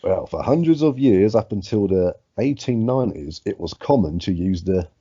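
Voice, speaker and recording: A man's voice: on the low side, animated, normal speed, warm tone, breathy edge, no echo, muffled recording. A man co-hosting a casual podcast, sweary and laid-back, reading odd facts aloud. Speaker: podcast co-host.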